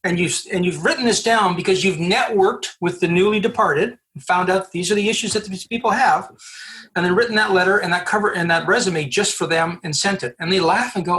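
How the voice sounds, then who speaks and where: A man from Canada, a recruiter guest on a podcast, telling animated stories with acted-out dialogue and frequent restarts. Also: high-pitched, brisk. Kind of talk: storytelling interview answers.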